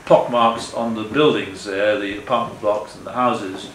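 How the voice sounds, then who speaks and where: A little slow and fairly even in intonation, an older man's fairly low, slightly bright voice fills a meeting hall as he gives a guest talk with slides. He rambles earnestly, often correcting himself. The mic sits far away, catching echo, faint ambience, and slight background noise.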